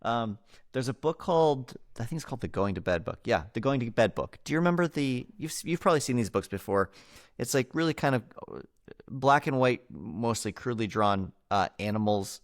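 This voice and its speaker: A man in his thirties talks casually as a podcast co-host, his pitch swinging widely from line to line. He laughs a lot and keeps breaking into playful put-on voices. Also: lively intonation, brisk. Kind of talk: casual chat.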